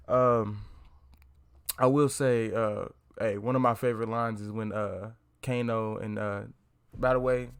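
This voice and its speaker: A man's voice: fairly low pitch, vocal fry. Rambling, slangy young man reviewing a movie. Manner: rambling, profane, slangy, many fillers and restarts. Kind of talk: casual spoken movie review.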